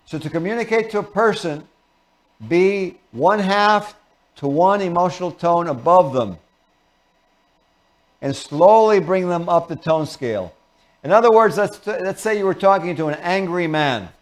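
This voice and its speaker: A man's voice: sits high, unhurried. Earnest man lecturing on self-help. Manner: earnest, animated teaching with acted-out examples. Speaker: host and lecturer. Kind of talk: motivational lecture.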